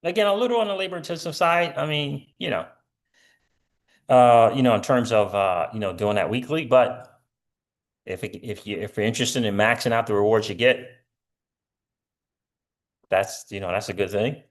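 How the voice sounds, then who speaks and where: A man's voice: mid-range voice, moderate pace, long pauses. A middle-aged man hosting a casual crypto livestream, rambling with lots of fillers and answering viewer comments.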